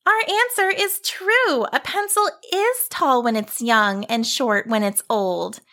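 A woman's voice: a little high, slow pace, sharp tone, pitched above the performer's own voice, exaggerated voice. A woman voicing a bold, cheerful young girl with an eager, chatty manner.

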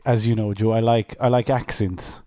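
A man from Malta co-hosts a podcast in easygoing chat, looping back over his words as he tells a story. His voice sits low and mellow. The sound is dry and close. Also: steady tone, moderate pace, no room sound. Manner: chatty storyteller, repeats words while thinking. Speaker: podcast co-host. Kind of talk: casual chat.

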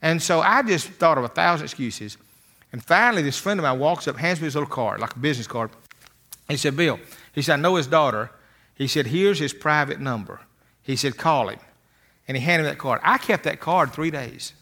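Bright-voiced older man telling folksy stories. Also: a little high, animated, a little fast. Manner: folksy storytelling, repeats words when starting sentences. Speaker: motivational speaker. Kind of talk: motivational talk with stories.

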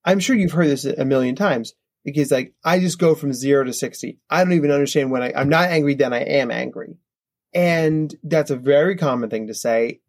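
A man in his thirties, a psychologist guest, explaining in an animated, conversational way and often checking in with "right?". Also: on the high side, a little fast. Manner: animated, acts out kids' voices, frequent "right?".

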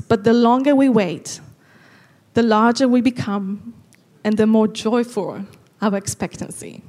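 A woman preaching a sermon with earnest conviction. Her voice sits a little high, and she slows right down to lean on the lines that matter most. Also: darkish tone. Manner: earnest, slow and emphatic on key lines.

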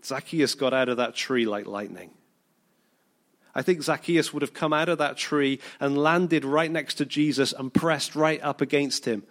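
A man's voice: mid-range voice, fairly bright tone. A British man preaching a sermon, telling the story with energy, acting out the people he quotes and now and then tripping over repeated words.

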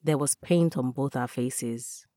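A woman reading a first-person story aloud in a calm, measured way. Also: a bass voice, no echo, studio quality. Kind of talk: scripted first-person narration.

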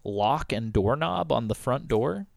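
Young male podcast host, chatty rambler, mid-pitch, dry close sound. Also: animated, a little slow, gravelly, darkish tone, dry recording. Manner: rambling, heavy on "like" and "um", swears casually. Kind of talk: casual storytelling chat.

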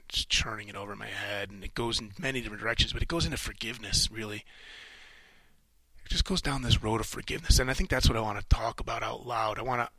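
Middle-aged male solo podcast host; gravelly, bright edge, halting and rambling delivery. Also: on the low side, dry recording, poor audio. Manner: rambling, halting, many restarts, swears casually. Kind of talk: solo reflective monologue.

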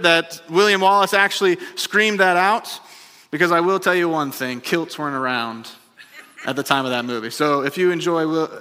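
A man's voice: a little high, pushed and bright. A man preaching a sermon as pastor, building to emphatic repeated refrains and then dropping into chatty asides to the congregation. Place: church sanctuary. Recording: long reverb of a large hall.

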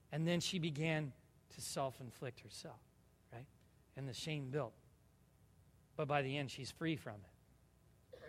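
A man's voice: fairly high pitch, long reverb tail. A male pastor preaching a sermon, reading scripture aloud with rising intensity and asking his congregation questions. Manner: asks the congregation questions, jokes with them.

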